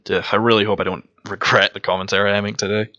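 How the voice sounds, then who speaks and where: Rambling gaming commentator, low voice. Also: male voice, flat delivery, quick pace, sharp tone, lo-fi sound. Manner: rambling, profane and self-mocking. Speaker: let's play commentator. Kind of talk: casual gameplay commentary.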